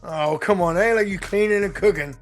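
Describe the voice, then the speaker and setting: A man co-hosting a casual basketball talk show, teasing his partner with quick banter. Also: sits high, soft background music. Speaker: co-host coach.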